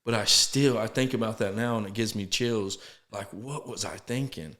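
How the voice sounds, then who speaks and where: Earnest low-voiced man telling a story. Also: a bit bright. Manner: earnest, halting with restarts, acts out quotes. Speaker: podcast guest, sober living founder. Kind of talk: casual storytelling interview.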